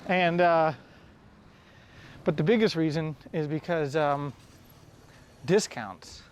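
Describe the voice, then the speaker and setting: A man's voice: fairly high pitch, slow pace, clean tone. A man from the United States talking casually to camera outdoors, rambling and correcting himself, a little out of breath. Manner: rambling, self-correcting, with light laughs. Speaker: travel vlogger. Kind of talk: casual vlog talk.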